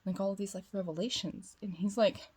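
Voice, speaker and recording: A woman's voice: mid-range voice, fairly even intonation, a little fast, darkish tone, husky. A woman vlogging as a spiritual guide, telling a long, rambling personal story in casual chat full of "like" fillers, sounding self-assured. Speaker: twin flame spiritual guide.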